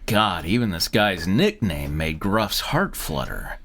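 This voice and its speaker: A man hosting and reading comedic fanfiction aloud, animated and laughing as he goes. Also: sits low, takes it slowly. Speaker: host and narrator.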